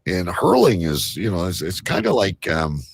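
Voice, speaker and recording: A man with a low, gravelly and husky voice co-hosts a casual live-stream chat. His pitch swings widely as he rambles, jokes and swears casually, recorded dry and close. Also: big pitch swings, moderate pace, no room sound. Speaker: co-host.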